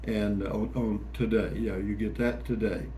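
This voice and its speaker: A man's voice: fairly low pitch, steady tone, measured pace, mellow. A man hosting a casual morning vlog, talking in a folksy, rambling, jokey way. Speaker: vlog host. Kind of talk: casual morning chat to camera. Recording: echoey room with faint ambient noise.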